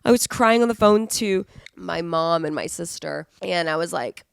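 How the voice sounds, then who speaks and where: A woman's voice: lowish voice, normal speed, vocal fry, clean tone, no echo, studio quality. A young woman podcaster talking to a camera she set up herself, in a casual confessional monologue that is emotional and rambling, with free swearing. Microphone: self-recorded to camera.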